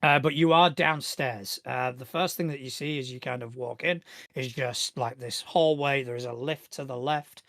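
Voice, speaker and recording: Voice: mid-range voice, fairly even intonation, normal speed, gravelly, a bit bright, no room sound, studio quality. ゲームマスターが卓上ゲームをゆったり語る、乾いた近いマイクの声。. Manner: loose and descriptive, with many fillers. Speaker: game master. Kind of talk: narrating a tabletop game.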